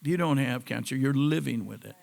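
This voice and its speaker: Talking fairly quickly, a cancer survivor with a gravelly, slightly mellow mid-range voice gives his testimonial to a live audience. His storytelling is chatty and prone to wandering digressions.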